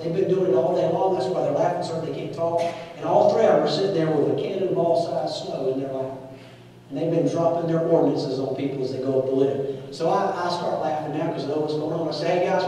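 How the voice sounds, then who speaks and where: A man in his forties preaching a sermon and telling a story, acting out the voices of the people in it. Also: on the high side. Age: 40s. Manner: animated, acts out voices in his stories. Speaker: pastor. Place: church sanctuary. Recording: echoey church hall, mic at a distance.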